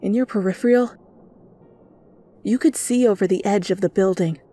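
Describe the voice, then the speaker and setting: A woman reading fanfiction aloud as a whispered role-play, telling the story softly over faint music. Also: mid-range voice. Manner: soft, slow storytelling. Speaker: fanfiction reader.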